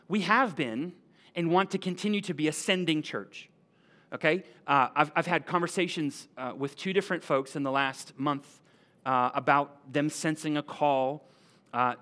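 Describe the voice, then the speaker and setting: Pastor, male, lively conversational sermon delivery, slightly high voice. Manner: animated, conversational, asks the room "right?".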